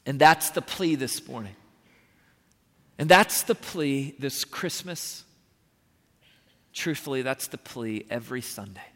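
A man's voice: medium pitch, animated, slow pace, pauses often, a bit bright. A man pastor giving an earnest sermon in a church, pleading with his listeners and building to emphatic rises. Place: church sanctuary. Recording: long reverb of a large hall.

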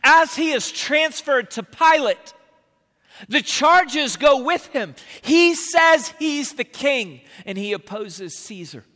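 A man's voice: very high voice, animated, slow, pushed and bright. A man pastor giving an earnest sermon in a church, pleading with his listeners and building to emphatic rises. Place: church sanctuary. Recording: long reverb of a large hall.

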